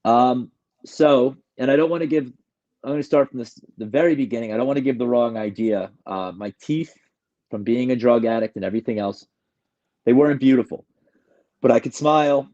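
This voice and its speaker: A man from New York, appearing as a guest, relates his recovery story with a mid-range, warm voice at a brisk pace. Candid and emotional, he rambles and often starts sentences over; the highs in the audio are cut off.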